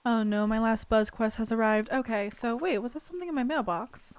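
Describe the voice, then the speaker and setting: A woman giving casual, excitable gameplay commentary, chatting to viewers and reading game text aloud. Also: fairly high pitch, a little fast, few pauses, smooth, dry recording. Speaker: gaming video creator.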